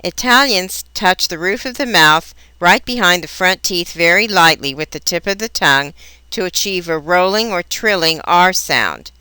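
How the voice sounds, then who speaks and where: A woman teaching a language lesson in scripted narration, pronouncing each example word slowly and carefully. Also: on the low side, sharp tone, clear, resonant tone, no echo. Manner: slow, careful, precise enunciation of example words.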